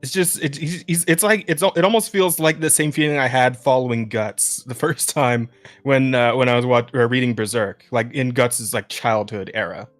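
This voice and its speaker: A man's voice: medium pitch, steady tone, moderate pace, faint music behind. A young man co-hosting a podcast in casual chat, rambling with lots of restarts, swearing and laughing often. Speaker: podcast co-host.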